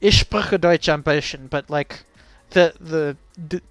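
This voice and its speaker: A man's voice: fairly high pitch, slow pace, fairly bright tone, dry recording, soft background music. A man casually reacting to a video on stream, rambling and joking with frequent laughs and fillers. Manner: rambling, jokey, laughs often, lots of fillers. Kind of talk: casual chat.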